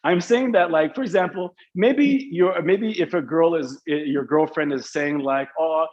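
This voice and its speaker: A man's voice: on the high side, measured pace, a little mellow, highs cut off. A young man teaching an online English class, explaining slang in a casual, playful way.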